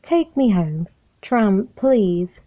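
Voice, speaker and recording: A woman's voice: mid-range voice, lively intonation, drawn-out words, dark tone. Woman doing a sweet tearful little lady dog. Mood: pleading. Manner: tearful, pleading. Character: gentle young female pet dog, sweet and sensitive. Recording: muffled lo-fi recording.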